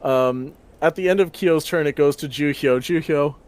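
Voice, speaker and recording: A man's voice: on the high side, normal speed. A man running a tabletop role-playing game as dungeon master, narrating the action and laughing as he describes it. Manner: animated, laughs while describing.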